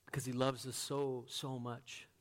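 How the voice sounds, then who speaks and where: A man preaching a sermon as a pastor, earnest, moving from loud emphatic lines to quiet, hushed ones. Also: mid-range voice, flat delivery, a little slow.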